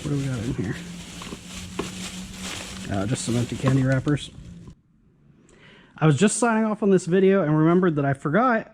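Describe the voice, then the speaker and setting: A man's voice: a little high, darkish tone. A man casually commenting as he sorts through a storage locker's contents, with offhand, dryly sarcastic remarks and a touch of hiccups. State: has the hiccups. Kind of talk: casual commentary while sorting items.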